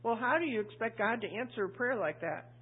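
A woman's voice: fairly high pitch, lively intonation, a little fast, husky. A woman preacher giving a chatty, conversational sermon, asking the congregation questions and acting out voices. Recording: tinny phone-like audio.

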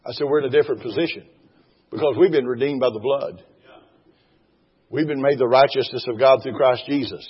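Man preaching a sermon, kinda husky, gets fervent and loud, echoey hall, dull sound. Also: medium pitch, quick pace. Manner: fervent, rising to loud exclamations, reads scripture aloud.

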